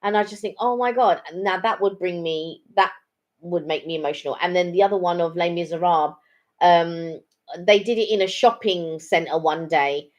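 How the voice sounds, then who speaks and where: This is a middle-aged woman whose voice is on the low side, moving at a moderate pace. As co-host of a live chat stream, she chats casually, telling rambling stories that keep restarting amid frequent ums.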